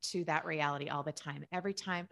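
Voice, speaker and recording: Low-voiced woman sharing a tender story. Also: fairly even intonation, quick pace, sharp tone. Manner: candid, tender, laughs through sad memories. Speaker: guest. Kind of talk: emotional personal conversation.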